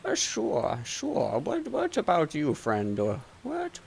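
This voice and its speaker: Dude doing a high stammery old shop guy, kinda deaf, gravelly. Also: huge pitch swings, slow pace, slight background noise, full character voice. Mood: fussy. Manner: dithering, stammering, high-pitched muttering. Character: fussy elderly male shopkeeper, hard of hearing.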